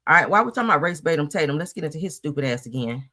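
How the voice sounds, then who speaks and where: A woman hosts a heated commentary show, ranting with emphatic, profane outbursts. Her pitch swings widely and her tone is bright and sharp. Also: lively intonation, very fast.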